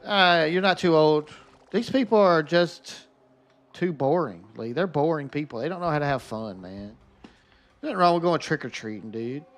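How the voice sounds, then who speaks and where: A man's voice: fairly high pitch, animated, normal speed, faint music behind. A man casually commenting on a game during a live stream and chatting with his viewers by name.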